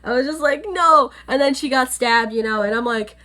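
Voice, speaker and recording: Bright, chatty young woman. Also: a little high, fairly quick. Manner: chatty, heavy with fillers. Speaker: anime reviewer. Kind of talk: casual episode recap. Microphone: on-camera setup.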